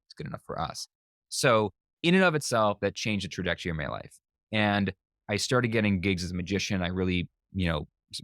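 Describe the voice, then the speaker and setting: A man telling a story as a guest on a podcast interview, animated and lively, acting out the people he quotes. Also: low-pitched, dry recording, clean studio sound. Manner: lively storyteller who acts out quoted voices. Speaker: guest, magician and speaker.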